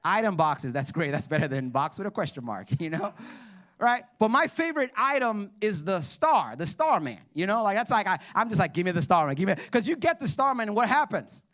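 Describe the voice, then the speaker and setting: A man preaching a sermon, animated, asking the congregation to respond and dropping to quiet asides. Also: sits high, brisk. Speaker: pastor.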